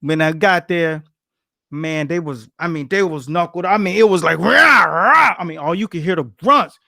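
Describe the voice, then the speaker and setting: A high-voiced man trades boxing stories in a casual chat, bouncing between his own voice and the voices of the people he quotes. The sound is dry and close, with no room around him. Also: moderate pace, dry recording. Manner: animated, slangy, acts out quotes with grunts and laughs. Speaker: boxing coach telling stories.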